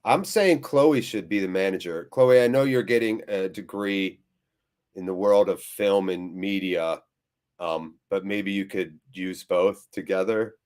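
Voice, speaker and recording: Sweary, weary football watchalong host. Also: male voice, deep voice, unhurried, darkish tone, clear, resonant tone. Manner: sweary, jokey, reads out chat messages; weary and deflated. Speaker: host of a live fan watchalong stream. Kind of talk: casual live-stream chat reading viewer comments.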